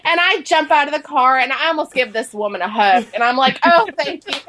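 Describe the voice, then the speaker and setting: This is a woman with a high, bright-pitched voice, chatting casually as a co-host. She tells her stories in an animated rush, full of "like" and acted-out quotes. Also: a little fast. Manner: animated storyteller, heavy use of "like". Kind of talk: casual chat.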